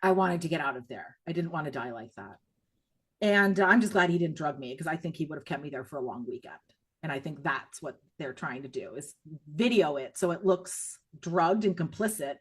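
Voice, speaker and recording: A middle-aged woman speaking as a podcast guest, giving emotional personal testimony in a raw, blunt way, her voice swinging from low and hushed to high and loud. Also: normal speed, slightly rough. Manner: blunt, with strong profanity.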